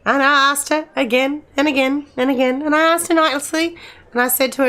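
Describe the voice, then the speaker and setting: A woman's voice: high-pitched, fairly even intonation, brisk, bright, forceful tone. A middle-aged woman, chatting casually with her live-stream viewers in a rambling way, full of restarts.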